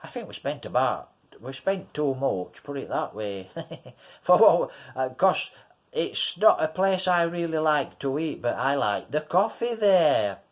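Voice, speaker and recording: A man's voice: a little high, expressive, measured pace. An English man vlogging, telling a rambling story to his viewers and calling them guys. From England. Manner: rambling, repeats himself, addresses viewers as guys. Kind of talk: casual storytelling to camera.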